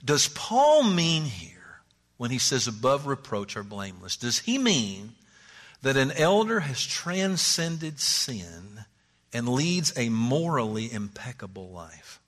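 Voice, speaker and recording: Animated male pastor preaching in a reverberant hall. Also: mid-range voice, slow. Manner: animated preaching, voice rising and dropping, acting out quoted people. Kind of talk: sermon.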